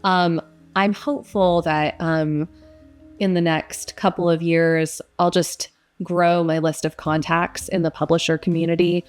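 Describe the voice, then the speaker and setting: A woman's voice: on the low side, flat delivery, a little slow, soft background music. A young woman who narrates audiobooks, answering interview questions in a casual, reflective way with frequent fillers.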